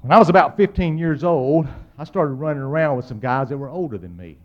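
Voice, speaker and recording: Middle-aged preacher guy with a high voice, goes big and loud then drops to a hush, funny storytelling sermon. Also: a little fast, lo-fi sound. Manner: animated, dramatic swings between loud and hushed.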